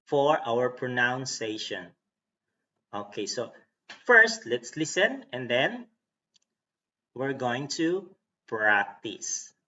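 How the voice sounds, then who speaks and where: A man's voice: medium pitch, sing-song, takes it slowly, pauses often, bright, forceful tone, far from the mic. A man teaching an English lesson, patiently modeling word stress and checking in with "okay?" and "no?". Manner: patient, repeats words to model stress, tags lines with "okay?" and "no?". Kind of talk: recorded online English lesson. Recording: dull lo-fi sound from away from the mic.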